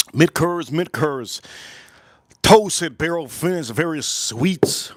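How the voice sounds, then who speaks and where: A man hosts a whiskey tasting livestream in casual, profane chat. He rambles, repeats phrases and breaks into sudden loud bursts. His voice is mid-pitched and sits dry and close to the mic. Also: no echo. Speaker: whiskey reviewer and livestream host.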